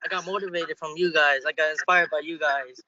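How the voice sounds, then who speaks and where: A man's voice: a little high, steady tone, fairly quick, bright, forceful tone. A young man speaking earnestly on a team call about what motivates him. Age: young adult. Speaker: salesperson being promoted. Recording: dull lo-fi call audio.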